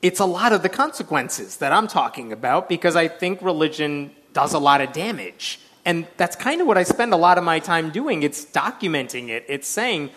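Eager, animated man debating. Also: a little high, moderate pace, hardly any pauses. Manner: animated, laughs often, eager. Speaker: atheist debater. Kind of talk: stage debate discussion.

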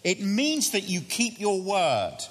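Earnest preacher in a reverberant church. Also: male voice, high-pitched, huge pitch swings, slow pace. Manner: earnest, questioning, repeats key phrases. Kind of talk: sermon. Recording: long hall reverb.

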